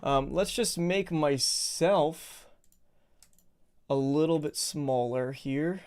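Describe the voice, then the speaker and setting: A man's voice: fairly high pitch, slow pace, darkish tone, clear, resonant tone. A man casually chatting on a live stream, greeting viewers and rambling a little while he sets things up, slightly out of breath.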